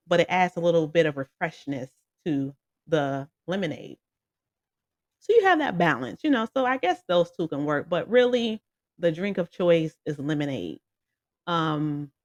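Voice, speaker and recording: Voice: medium pitch, no echo. A music reviewer talking casually and at length, rambling with lots of fillers and laughing often while addressing viewers directly. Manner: rambling and animated, with many fillers and frequent laughs; talks straight to viewers. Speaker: song reviewer. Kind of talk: casual spoken song review.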